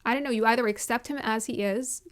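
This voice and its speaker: A woman vlogger with a fairly high voice reviews a reality show, talking straight to her viewers in a casual, opinionated way. She speaks fast and emphatically, circling back to repeat her points and laughing easily between them.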